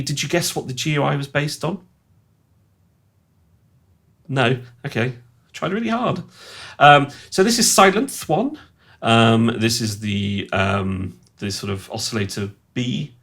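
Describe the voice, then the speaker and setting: A man's voice: medium pitch, creaky, fairly bright tone. A man, a sound designer, gives a casual, rambling and self-mocking walkthrough of his synth patches.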